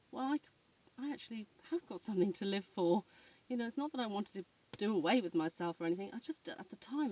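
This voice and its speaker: A woman talks casually to camera from under a duvet, wandering from point to point with little laughs. Her voice sits in a middle range and comes through thin and boxy like a phone line. She is some way from the mic. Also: mid-range voice. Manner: rambling, chatty, laughs while talking. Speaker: Reiki practitioner. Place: indoors, snuggled under a duvet. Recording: tinny phone-like sound from far off.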